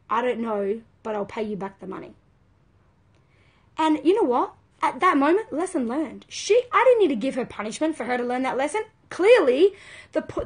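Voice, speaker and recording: A woman with a high, bright-sounding voice speaks as a parenting coach to her live viewers. She talks in a conversational, earnest way and leans hard on her key points. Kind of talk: live video talk to viewers.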